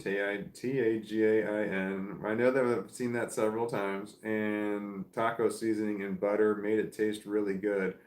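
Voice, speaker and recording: A man hosts a casual livestream, rambling along and reading viewer comments aloud. His voice sits a little low, with many restarts and fillers. The room around him sounds echoey. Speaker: livestream host.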